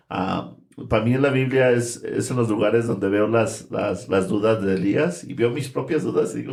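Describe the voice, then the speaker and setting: A man's voice: lowish voice, a little mellow. Thoughtful young man, rhythmic reflective talk. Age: young adult. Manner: thoughtful, repeats phrases for rhythm. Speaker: podcast co-host. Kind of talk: casual podcast reflection.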